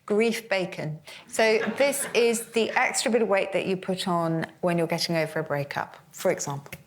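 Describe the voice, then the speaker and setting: A woman's voice: fairly low pitch, normal speed, slight background noise. A woman co-hosting a podcast before a live audience, explaining favourite words with bubbly enthusiasm. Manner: bubbly, enthusiastic, laughs often. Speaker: podcast co-host, word expert.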